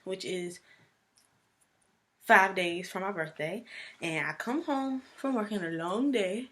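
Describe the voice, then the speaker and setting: A young woman vlogging casually, telling a personal story in a chatty, animated way. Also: mid-range voice, takes it slowly.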